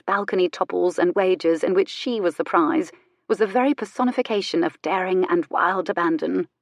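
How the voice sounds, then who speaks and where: A woman narrating a historical romance audiobook in a measured, expressive way. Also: lowish voice, no room sound, studio quality. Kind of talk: scripted narration.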